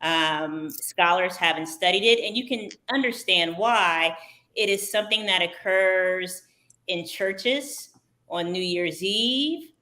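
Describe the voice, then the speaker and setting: A woman with a lowish, very bright and forceful voice answers an interviewer's questions. She speaks in an articulate, measured and formal manner. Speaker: executive director, guest essayist.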